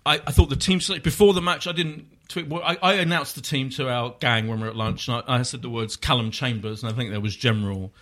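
Opinionated man hosting a football chat. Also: medium pitch. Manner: animated, opinionated, quick asides. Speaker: podcast host.

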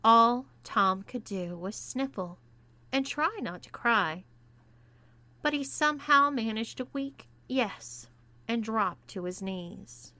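Slow, bright-voiced woman narrator. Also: a little high, lively intonation, no echo. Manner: slow and deliberate. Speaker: erotica reader. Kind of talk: scripted story narration.

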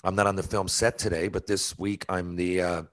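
Exasperated man ranting, lowish voice. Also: little pitch movement, moderate pace, a bit bright. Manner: exasperated, argumentative, laughing at himself. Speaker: podcast host. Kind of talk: casual ranting monologue.

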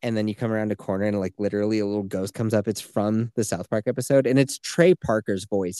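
A man's voice: medium pitch, animated, quick pace, darkish tone, no room sound, clean studio sound. A man in his thirties, a podcast host, telling a story in casual chat, swearing freely and acting out the people he quotes.

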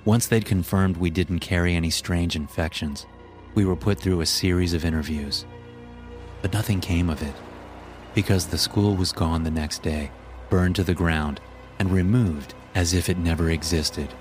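A man narrating a scripted horror story in a measured, grim way. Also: deep voice, fairly even intonation, darkish tone. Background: background music.

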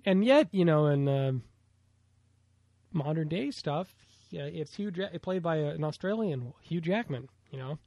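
A man's voice: fairly high pitch, expressive, unhurried, creaky, warm tone, dry recording, lo-fi sound. An American man co-hosting a casual movie podcast, rambling with lots of fillers. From United States. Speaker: podcast co-host.

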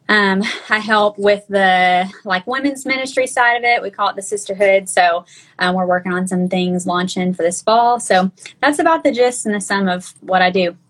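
A woman's voice: medium pitch, a bit bright, rough recording. A woman in her thirties from Arkansas with a Southern twang, chatting casually as a podcast guest over a video call, with many fillers and restarts. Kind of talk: casual chat.

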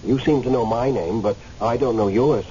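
A man's voice: medium pitch, moderate pace, mellow, close to an everyday voice. An actor playing a man who has just died and lingers in limbo, hesitant and stammering at times, then impassioned, in a radio drama. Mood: earnest, agitated. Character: newly dead man, angry, pleading. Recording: muffled radio recording, faint hiss.

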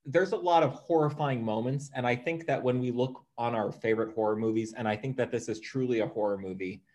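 A man's voice: medium pitch, fairly quick, darkish tone. A man with a mid-range voice co-hosts a podcast from his apartment. He speaks emphatically and with enthusiasm in a casual discussion. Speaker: podcast co-host. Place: home apartment.

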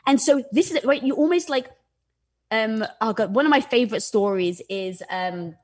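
A woman's voice: a little high, normal speed. A woman guest talking candidly and animatedly in conversation, with a lot of "like" fillers. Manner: animated, lively, with frequent "like" fillers.

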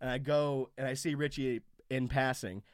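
A man's voice: mid-range voice, normal speed, smooth, no echo, studio quality. A young man and comedian telling a long anecdote in a rambling, casual way on a podcast. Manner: rambling, animated anecdote-telling with many fillers. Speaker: comedian and guest. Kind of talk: casual storytelling chat.

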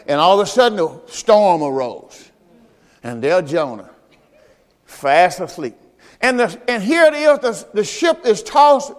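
Man, pastor, sermon, high voice, animated storytelling, long church reverb. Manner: animated storytelling, acting out Bible characters, shouting peaks. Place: church service.

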